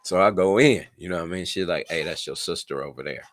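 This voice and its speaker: A man's voice: low voice, fast. A man in his twenties telling a personal story in a casual, laid-back way, swearing often and checking in with his listener. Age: 20s. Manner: laid-back, swears a lot, keeps asking "you know what I'm saying".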